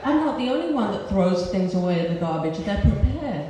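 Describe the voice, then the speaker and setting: A woman telling a comic, animated personal story live on stage before an audience. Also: mid-range voice, fairly quick, slight background noise. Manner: animated, comic, laughing at her own story. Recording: roomy hall from a distance.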